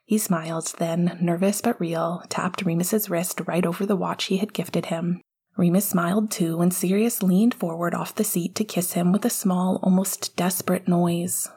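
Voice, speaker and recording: A woman reading a story aloud in a soft, intimate way, often dropping to a whisper. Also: fairly low pitch, steady tone, normal speed, breathy edge. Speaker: audiobook reader. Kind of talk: fan fiction narration.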